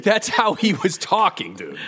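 A man co-hosting a podcast, telling stories with animated energy and free swearing. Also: sits high, unhurried, crowd noise. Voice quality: animated storyteller, swears freely. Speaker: podcast host. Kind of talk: casual chat.

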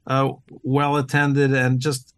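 Earnest man, eager and halting. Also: medium pitch, monotone, fairly bright tone, clean tone, no room sound. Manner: upbeat and earnest, with many "uh" fillers and restarts. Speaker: team owner, podcast guest. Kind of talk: casual interview conversation.

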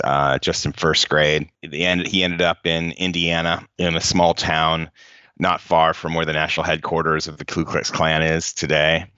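Super deep voiced guy, easygoing author guest, kinda dull muffled line. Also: sharp tone, clear, resonant tone, no echo. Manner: easygoing, self-deprecating. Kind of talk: casual interview chat.

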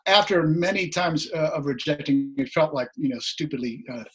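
A middle-aged man, a musician guest, telling a story in casual chat, laughing often and acting out the voices he quotes, his voice slightly rough. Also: on the high side, moderate pace.

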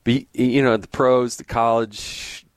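A man's voice: mid-range voice, fairly even intonation, unhurried, smooth, no echo. A middle-aged man hosting a podcast, chatting casually and animatedly, often breaking in with side notes. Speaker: podcast host. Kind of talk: casual interview chat.

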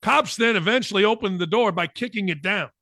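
Middle-aged guy hosting a talk show, jokey, riffing on weird news, bright tense voice. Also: sits high, fairly quick, dry recording, studio quality. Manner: animated, jokey, riffs off the stories. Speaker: sports talk show host. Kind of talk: casual monologue reading news stories.

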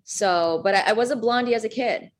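A woman's voice: a little high, a little fast. Chatty comedian woman from Minnesota. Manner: chatty, rambling with restarts. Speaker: comedian guest. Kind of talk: casual interview chat.

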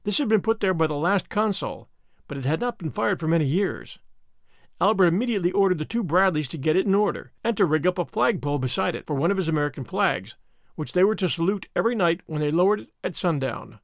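A man narrating an adventure novel in steady storytelling style. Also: high voice, fast, dry recording, clean studio sound. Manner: steady storytelling between voiced lines. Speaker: audiobook narrator. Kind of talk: scripted narration.

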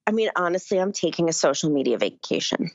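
A woman's voice: on the low side, sing-song, quick pace, gravelly, no room sound, dull audio. A woman guest talking in a candid, rambling way, her voice stuffy and congested from sinusitis. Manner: candid, rambling talk with many "like"s. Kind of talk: casual conversation.

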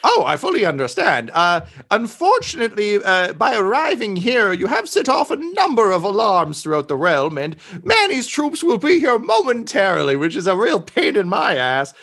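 A man's voice: high voice, wildly swooping pitch, normal speed, creaky, hardly any pauses, a bit bright, voice pushed up, exaggerated voice. A man voicing a weary male official in a robe who speaks with wry, crude asides.

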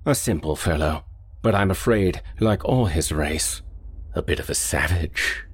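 A man reading the part of a cultivated older general with a slight accent, measured and polite with a faint menace. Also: low voice, lively intonation, husky, exaggerated voice. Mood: suave.

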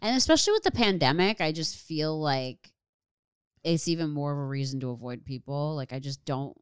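Woman, podcast host, casual chat, low voice, smooth and dry. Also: lively intonation, moderate pace, no room sound. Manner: chatty, swears freely, acts out anecdotes.

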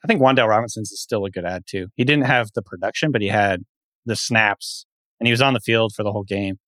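A man co-hosting a sports podcast in casual chat, steady as he lays out statistics at length. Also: on the low side, quick pace, dry recording. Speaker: podcast co-host.

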